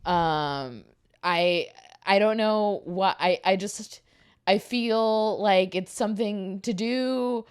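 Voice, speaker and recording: A woman's voice: mid-range voice, takes it slowly, smooth. A woman guest on a comedy podcast chatting casually, rambling and hesitant, with many fillers. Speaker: podcast guest, show producer.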